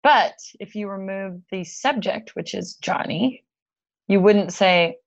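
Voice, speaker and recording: A woman's voice: mid-range voice, takes it slowly, vocal fry, highs cut off. A woman co-hosting a podcast in casual chat, frank and reassuring with a playful streak. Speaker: podcast co-host.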